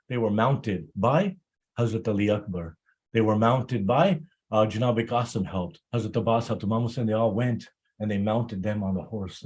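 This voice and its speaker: A man preaching a Muharram sermon, halting often and repeating words as he builds his story. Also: fairly low pitch, darkish tone, slightly rough.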